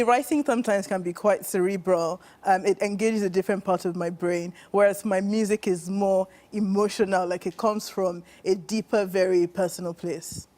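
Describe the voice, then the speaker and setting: A woman in her twenties, a guest in a studio radio interview, articulate and playful, quick with a joke. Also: mid-range voice, a little mellow. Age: 20s. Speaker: writer and musician guest.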